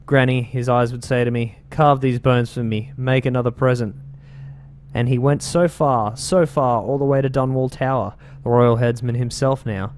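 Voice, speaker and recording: A man reading the words of an old woman rambling about carved bones, in an unhurried, creepy way, reading game lore aloud. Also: medium pitch, steady tone, slight background noise, close to an everyday voice. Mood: eerie.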